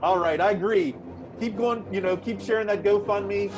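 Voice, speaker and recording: A man's voice: sits high, moderate pace, over music, rough recording. A man hosting a livestream comedy show, introducing acts in a loose, rambling way. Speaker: host.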